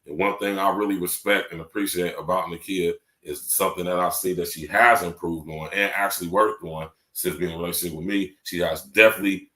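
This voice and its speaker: A man's voice: low voice, brisk, hardly any pauses, echoey room. A man hosting a casual podcast, telling stories, swearing and tagging lines with fillers. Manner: animated storyteller, swears, many filler tags. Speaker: podcast host.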